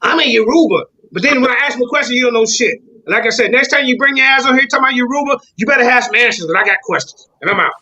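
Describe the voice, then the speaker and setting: High, bright, combative man arguing. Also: lively intonation, very fast, few pauses, muffled recording. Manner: combative, repeatedly insisting he not be interrupted. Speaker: debater on a call-in panel. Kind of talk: heated argument.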